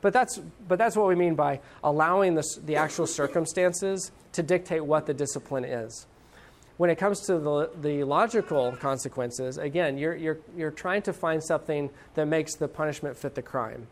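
A middle-aged man teaching a parenting class, talking in a loose, conversational way. He pauses often and fills gaps with ums and uhs. His voice becomes animated when he acts out a parent or a child. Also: fairly high pitch. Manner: conversational, hesitant with fillers, animated when quoting.

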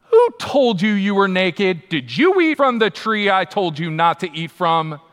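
A man's voice: high voice, very animated, a little slow, fairly bright tone, pitched above the performer's own voice, heavily acted. A man putting on a stern scolding parent. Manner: stern, interrogating. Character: scolding parent questioning a guilty child. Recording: long hall reverb.

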